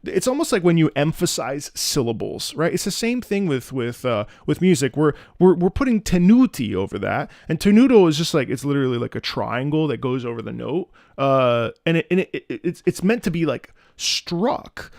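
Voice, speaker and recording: A man's voice: fairly high pitch, sing-song, moderate pace, vocal fry, no room sound, clean studio sound. A man hosting a casual music commentary stream, scatting melodies between rambling, restarting remarks. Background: faint game music.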